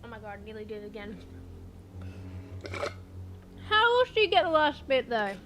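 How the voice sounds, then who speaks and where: A woman's voice: fairly high pitch, very animated, fast, fairly bright tone, a little hiss or hum. A young Australian woman streaming, chatting casually with viewers and swearing freely as she talks. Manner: chatty, swears casually, reads chat aloud. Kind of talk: casual live-stream chat.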